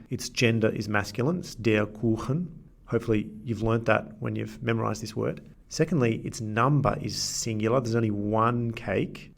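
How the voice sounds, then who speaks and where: Male teacher, gravelly edge, clear explanatory delivery, slows for examples. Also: fairly low pitch. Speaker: language teacher. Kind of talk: scripted grammar lesson.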